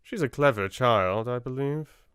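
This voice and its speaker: A man with a British accent playing a shrewd middle-aged solicitor who speaks dryly and unhurriedly, with a quiet sinister edge. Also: medium pitch, measured pace, smooth, dry recording, studio quality, pitched above the performer's own voice, lightly acted. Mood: coolly advising. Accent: British English.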